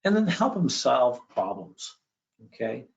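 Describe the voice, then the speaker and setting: A man giving an educational presentation with slides, conversational and often checking in with a quick "okay?". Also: medium pitch, very animated, gravelly. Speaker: education speaker. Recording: dull lo-fi recording.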